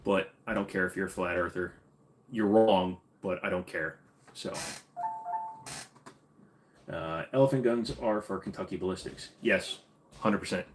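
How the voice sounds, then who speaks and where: Minnesotan male host, very low voice, blunt opinions, casual Q&A. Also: unhurried, long pauses, a little hiss or hum. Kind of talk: casual livestream Q&A.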